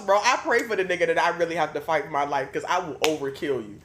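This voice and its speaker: A woman hosting a podcast, telling stories in a casual, profane, animated way. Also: low-pitched, quick pace, a little hiss or hum. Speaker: podcast host.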